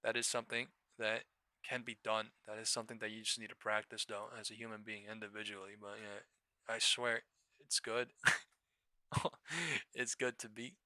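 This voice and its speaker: A man's voice: on the low side, little pitch movement, normal speed, pushed and bright, dry recording. A man hosting a live trading stream, talking casually, swearing and laughing often as he rambles.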